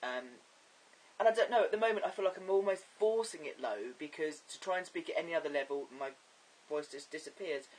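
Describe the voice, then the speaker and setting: A man chatting in a casual video diary, his voice deepening and cracking, rambling and giggling as he talks. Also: expressive, brisk, darkish tone, recorded from a distance, low-quality recording. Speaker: vlogger.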